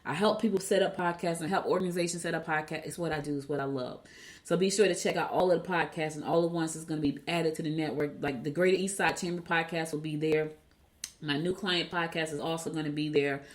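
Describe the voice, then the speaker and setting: A woman's voice: sits low, fairly even intonation, brisk. A woman raised in New Jersey hosting a casual solo podcast, chatty and repeating herself as she retells conversations. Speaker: podcast host.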